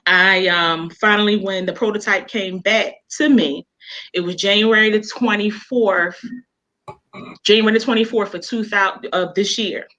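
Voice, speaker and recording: A woman's voice: medium pitch, fairly even intonation, measured pace, pushed and bright, dull audio. A woman author talking casually as an interview guest, telling emotional personal stories with many fillers and restarts.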